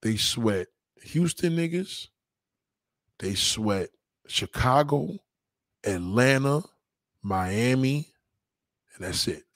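A young man chatting casually with viewers on a livestream, rambling in profane street talk and giving shout-outs. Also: medium pitch, expressive, slow, long pauses, dry recording. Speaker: livestream host.

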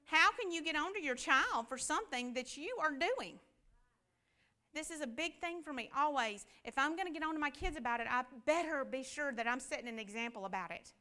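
Bright high-voiced woman teaching Bible class. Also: animated, brisk. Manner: conversational preaching, rhetorical questions.

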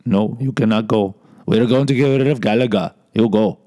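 A man voicing a gruff male convenience store owner with an Indian accent, shooing someone out in short, repeated commands. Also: lowish voice, moderate pace, warm tone, lightly acted. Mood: brusque. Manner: curt, repetitive, shooing.

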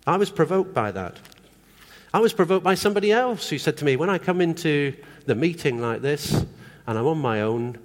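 A man's voice: a little high, lively intonation, a little fast. A man preaching a sermon in a conversational way, often asking the congregation questions. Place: church hall. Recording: long hall reverb.

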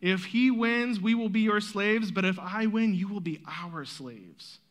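A taunting, boastful giant bullies his enemies, voiced by a man reading aloud. The tone is high and bright, a storybook reading rather than a full character voice. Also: a little slow. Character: boastful bullying male giant.

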